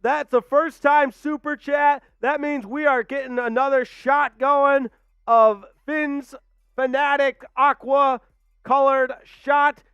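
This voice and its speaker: Hyped high-voiced man calling football. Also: smooth, dry recording, highs cut off. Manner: hyped, shouting shout-outs. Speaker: live stream host. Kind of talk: excited watch-along play-by-play.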